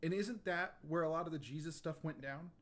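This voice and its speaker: A stream co-host with a mid-range voice, chatting casually. The talk rambles and halts, with frequent restarts. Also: medium pitch. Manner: rambling, halting, full of restarts.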